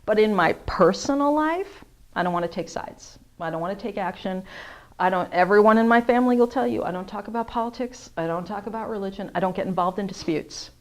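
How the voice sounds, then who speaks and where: A woman, a teacher, talking through her opinions in a thoughtful, measured casual monologue with restarts. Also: medium pitch. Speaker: vlogger sharing opinions.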